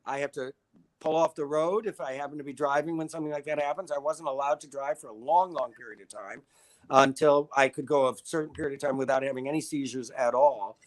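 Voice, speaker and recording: Older male guest, wry and self-deprecating, a touch high-pitched. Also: quick pace. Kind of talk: casual interview chat.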